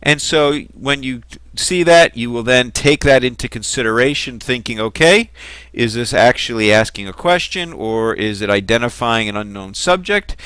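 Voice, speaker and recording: A man's voice: medium pitch, lively intonation, normal speed, a bit bright, smooth, no echo. A man giving a recorded lecture on Greek grammar, explaining patiently and methodically.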